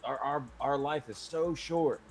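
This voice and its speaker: A man's voice: a little high, unhurried, faint music behind. A man co-hosting a podcast in casual chat, teasing his friend in a dry, profane way. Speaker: podcast co-host.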